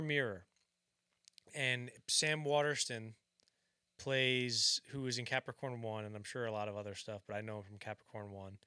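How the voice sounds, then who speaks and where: Guy hosting a movie podcast, bright forceful voice, trips over his words a lot. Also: mid-range voice, clean tone. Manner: rambling, stumbles and restarts, acts out quotes. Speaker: podcast host. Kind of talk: casual film discussion.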